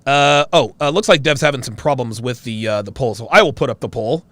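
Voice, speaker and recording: A man hosting a casual live-stream chat, reacting excitedly with loud exclamations. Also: mid-range voice, a little fast, dry recording.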